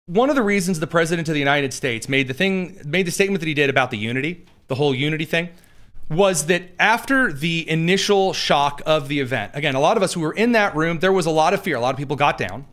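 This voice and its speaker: Male commentary host from East Central Indiana, slightly higher-pitched, sarcastic and animated, voice jumping up and down. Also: fast. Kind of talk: opinion commentary.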